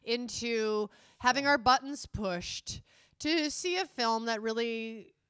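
Woman telling a movie plot, animated, acts out lines, dry close sound. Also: fairly high pitch, takes it slowly, clear, resonant tone, no echo. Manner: animated storytelling, acts out quotes. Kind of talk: casual film chat.

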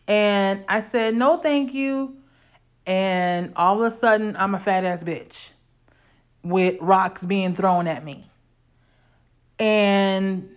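Candid woman from Illinois telling her story. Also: medium pitch. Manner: candid, conversational, casual slang. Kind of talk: personal storytelling monologue.

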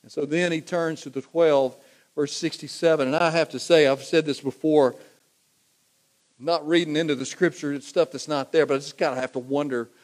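Man, pastor, high-pitched, sermon, conversational and emphatic. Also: fairly even intonation, moderate pace. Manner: conversational, building to emphatic repetition.

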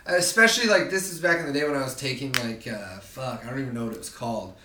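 A young man, a podcast guest, telling a story in an animated, profane way and acting out the other people in it. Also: mid-range voice, fast talker. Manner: profane, animated, acts out quoted voices. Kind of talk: casual storytelling. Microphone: distant from the mic. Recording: roomy, distant mic, faint background noise.

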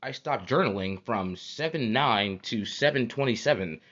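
A man's voice: mid-range voice, lively intonation, normal speed, a bit bright. Man ranting profanely on a lo-fi podcast. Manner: profane, heated, repeats phrases. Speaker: podcast host. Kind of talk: casual monologue rant. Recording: dull lo-fi recording.

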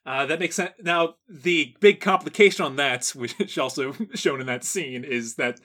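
Bright-voiced chuckling man. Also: a little high, moderate pace. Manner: rambling, chuckling often, with filler words. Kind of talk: casual chat.

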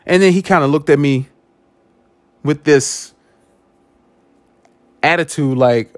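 Man, podcast host, storytelling monologue, fairly high voice, repeats words, dry close sound. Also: takes it slowly, long pauses, no echo. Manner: animated, repeats words, acts out quoted speech.

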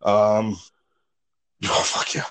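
A man in his forties, a wrestler guest telling stories in a casual interview, animated and swearing freely. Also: on the low side, drawn-out words, smooth. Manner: animated storyteller, swears freely, acts out quotes.

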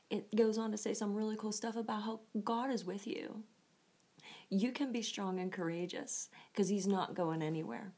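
A woman's voice: medium pitch, warm tone. A woman hosting a casual devotional talk, often laughing and thinking aloud as she goes. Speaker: host of a devotional show.

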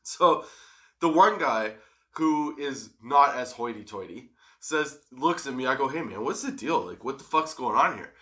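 A man's voice: mid-range voice, measured pace. A young man casually telling a profane story, laughing often. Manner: profane, laughing, animated retelling.

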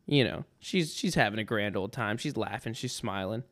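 A man's voice: fairly low pitch, lively intonation, moderate pace, fairly bright tone. A man hosting a podcast, telling a rambling, sarcastic story in a casual monologue full of restarts. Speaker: podcast host.

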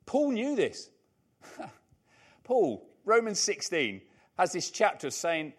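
A man's voice: high-pitched, wildly swooping pitch, slow, long pauses. An older man preaching a sermon, emphatic and repeating his key lines, with chatty, humorous asides.

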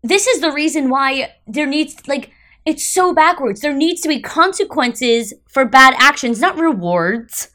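A young woman co-hosting a podcast, talking in an animated, chatty way with lots of fillers. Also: high voice, a little slow. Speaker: podcast co-host. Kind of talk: casual chat.

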